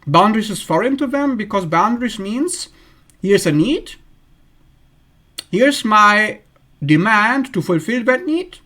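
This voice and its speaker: A man's voice: high-pitched, big pitch swings, a little slow, pauses often, pushed and bright. A man hosting an astrology channel, talking bluntly in a casual monologue and acting out the people he describes in a raised voice.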